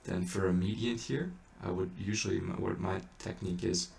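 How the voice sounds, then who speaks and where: A man's voice: low voice, fairly even intonation, normal speed, gravelly, a little mellow. A man teaching how to chant, patiently explaining each step in a casual way. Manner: patient, explains in small steps. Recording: echoey room, distant mic, faint ambience.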